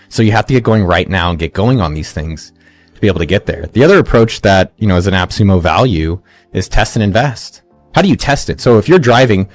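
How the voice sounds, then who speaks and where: A man in his forties, an entrepreneur giving energetic motivational advice in an interview, often restarting and acting out quotes. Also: lowish voice. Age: 40s. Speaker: entrepreneur guest.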